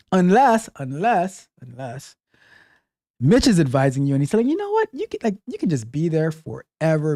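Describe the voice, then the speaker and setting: Man, show host, casual call-in advice, emphatic, repetitive, lively pitch, dry close sound. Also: no room sound. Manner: animated, emphatic, repeats phrases.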